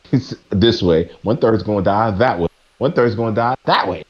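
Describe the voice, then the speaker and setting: A man's voice: fairly low pitch, moderate pace, dull audio. A man streaming live, ranting preachily to his chat, stumbling and restarting as he presses his points. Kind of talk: casual rant to a live chat.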